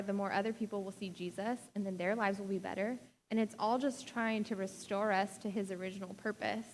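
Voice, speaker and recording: A woman's voice: medium pitch, big-room sound, slight background noise. A young adult woman pastor giving a sermon in a casual, chatty way, full of "like" and small laughs. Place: church sanctuary.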